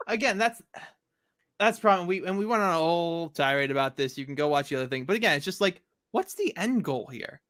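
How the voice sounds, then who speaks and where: Sarcastic bright-voiced young man. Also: fairly high pitch, expressive, fast talker, no room sound, studio quality. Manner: sarcastic, rambling, curses freely. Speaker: comic discussion co-host. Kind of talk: casual chat.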